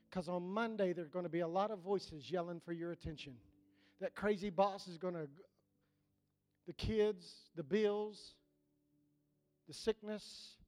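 A male pastor preaching a sermon, swinging between shouted repetitions and hushed asides. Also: high-pitched. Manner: impassioned preaching with rising, shouted repetitions and sudden hushed drops.

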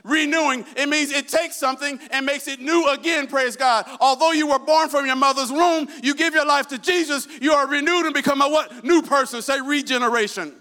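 High, bright preacher man. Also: brisk, few pauses. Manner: call-and-response, asks the congregation questions. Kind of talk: sermon.

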